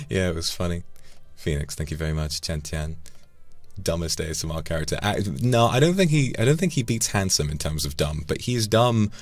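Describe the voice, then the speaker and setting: A man's voice: deep voice, sing-song, normal speed, long pauses, dry recording, faint music behind. A man casually chatting on a livestream, swearing now and then and tripping over repeated words. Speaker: streamer.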